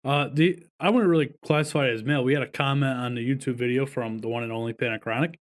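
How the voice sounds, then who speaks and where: Male podcast host, mid pitch, blunt dismissive chatter. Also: fast. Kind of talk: casual chat.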